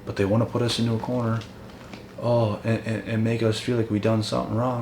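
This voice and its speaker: A man with a very low voice delivers a blunt, profane motivational rant, calling out his critics head-on. The room around him rings with echo, and a faint hiss sits under the voice. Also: little pitch movement, brisk, a little mellow. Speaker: motivational channel host. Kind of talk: ranting motivational monologue. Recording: echoey room with faint noise.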